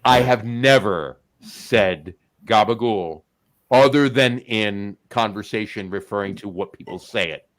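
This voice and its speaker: A man's voice: lowish voice, unhurried, fairly bright tone. Rambling New man chatting. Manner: rambling, full of restarts and fillers. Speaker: podcast co-host. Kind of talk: casual chat.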